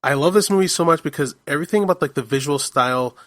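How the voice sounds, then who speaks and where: A man's voice: on the high side, fast talker, fairly bright tone, no echo. A man hosting a casual podcast discussion, talking enthusiastically and rambling with many fillers. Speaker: podcast host.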